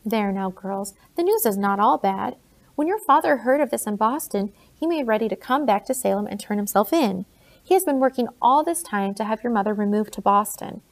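A woman reading an audiobook, voicing a blunt, grave older colonial gentleman in her own plain voice. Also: medium pitch, animated, a little fast, close to an everyday voice.

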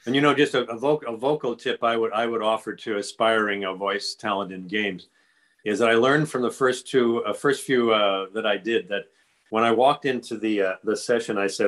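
A man's voice: lowish voice, moderate pace, a bit bright. A man, a game voice actor, rambling through a casual panel chat with many fillers and restarts.

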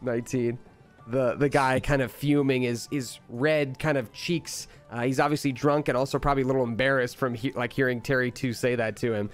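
A man narrating as game master of a tabletop game, relaxed and easygoing, with frequent fillers. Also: mid-range voice, fairly quick, faint music behind.

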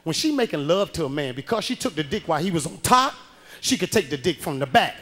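High-voiced man doing stand-up. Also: fast. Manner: loud animated storytelling, acting out the people he quotes. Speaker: stand-up comedian. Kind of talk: stand-up comedy routine. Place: comedy club stage.

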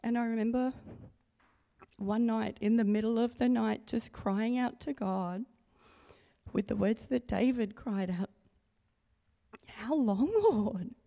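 A middle-aged woman speaks slowly and earnestly into a handheld mic, telling her story to a church congregation. Her voice sits low and dark, with a gravelly fry running through it. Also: steady tone. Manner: slow, earnest, quiet and intimate. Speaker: baptism candidate sharing testimony. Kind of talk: personal testimony read to a congregation. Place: church sanctuary. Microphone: handheld microphone.

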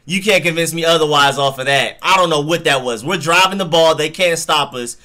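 A man's voice: on the high side, a little fast, pushed and bright. A young man hosting a live football stream, chatting casually in slang and reacting to plays and chat messages. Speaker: sports live-stream host.

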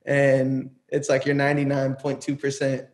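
A man's voice: mid-range voice, monotone, moderate pace. A young man, a music producer, chatting casually as an interview guest, rambling with lots of fillers and easy laughs. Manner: laid-back, rambling, laughs often, many "like"s.

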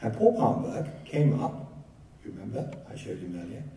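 A man's voice: on the low side, very animated, normal speed, creaky, warm tone, recorded from a distance. A man giving a keynote lecture, telling stories in a conversational, lightly humorous way, recorded from afar in a lecture hall. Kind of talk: academic lecture with anecdotes. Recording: echoey hall, picked up from afar.

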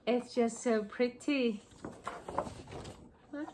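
Woman vlogger gushing over happy mail, kinda high voice, slow and excited, faint room hum. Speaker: craft vlogger. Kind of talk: casual vlog chat.

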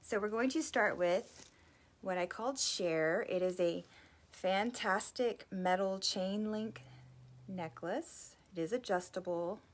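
A woman's voice: medium pitch, takes it slowly. A woman hosting a casual live boutique sale, bubbly and chatty, a little out of breath. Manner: bubbly, chatty, apologetic asides.

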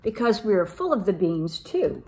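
A woman voicing the smallest male chihuahua in a storybook, talking high and excitably. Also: normal speed. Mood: excited.

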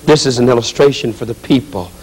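A man's voice: medium pitch, quick pace, a little mellow, husky. A man evangelist preaching a dramatic revival sermon in an urgent, pleading way.

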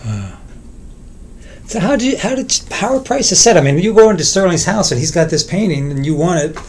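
A man's voice: high-pitched, very animated, brisk, a little mellow, slightly rough. A male interviewer asking short, curious follow-up questions in an oral history interview.

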